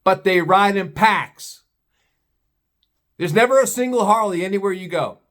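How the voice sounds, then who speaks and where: A man's voice: high-pitched, lively intonation, measured pace, a bit bright. A man telling a story in a blunt, profane, scornful rant, slipping into put-on voices for other people. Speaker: vlogger. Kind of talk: ranting storytelling monologue.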